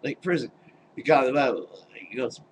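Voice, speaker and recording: Brisk and medium-pitched, an older man rants angrily into his webcam at home against a noisy background. He's blunt and exasperated, swearing and scoffing in disbelief.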